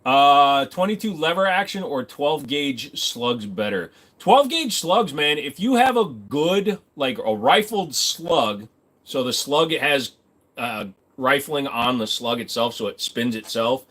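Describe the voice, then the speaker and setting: A man's voice: medium pitch, lively intonation, takes it slowly, a bit bright. A man hosting a casual livestream from his home computer desk, rambling, joking and swearing freely. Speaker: livestream host.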